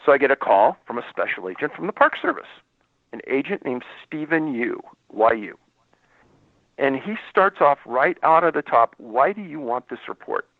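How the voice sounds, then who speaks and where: A man's voice: mid-range voice, sing-song, moderate pace, dry recording. A man, a former law enforcement investigator, telling a story as a radio interview guest and acting out the dialogue. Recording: dry, tinny phone line.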